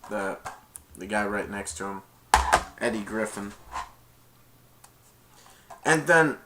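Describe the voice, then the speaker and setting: A man retells a movie scene by scene in a loose, excited ramble, stumbling over restarts and chuckling along the way. His voice has a bright, forward edge. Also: mid-range voice, a little hiss or hum. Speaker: movie reviewer. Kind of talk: casual movie recap.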